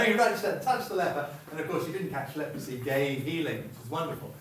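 Man, sermon, conversational and self-interrupting, slightly high voice, echoey hall, distant mic. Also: fast, few pauses. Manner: chatty, self-interrupting, asks the room questions. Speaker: preacher. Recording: echoey room, voice from far off.

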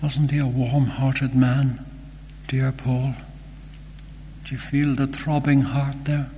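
An older man preaching a sermon in a church, earnest and slow, with fond asides. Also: mid-range voice, level tone, warm tone. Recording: long hall reverb, faint hum.

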